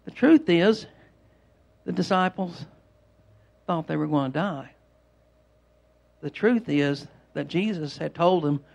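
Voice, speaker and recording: A man's voice: a little high, expressive, slow pace, vocal fry, pauses often, a little mellow. A man preaching an informal sermon, rambling and repeating himself as he tells homespun stories. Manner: rambling, repetitive, homespun storytelling. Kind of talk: conversational sermon.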